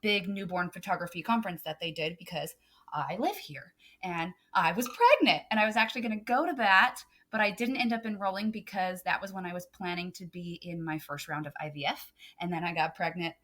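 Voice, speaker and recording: A woman's voice: mid-range voice, bright, forceful tone. A woman photographer on a podcast, talking earnestly and emphatically with many "um" fillers. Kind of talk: casual podcast chat.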